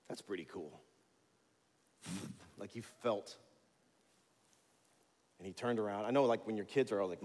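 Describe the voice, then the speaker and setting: A male pastor giving a sermon in a church, conversational and animated, with jokey storytelling. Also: fairly low pitch, moderate pace, long pauses, long reverb tail. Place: church sanctuary.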